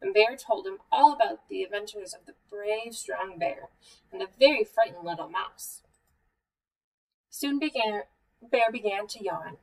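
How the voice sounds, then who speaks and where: A woman hosting a children's story time, reading a picture book aloud in a gentle, measured way. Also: mid-range voice, creaky. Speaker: museum story time host. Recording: voice a bit far from the mic.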